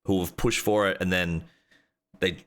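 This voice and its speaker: A man hosting a casual streamer interview, talking in a halting way with many restarts. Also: sits low, fairly even intonation, a bit bright.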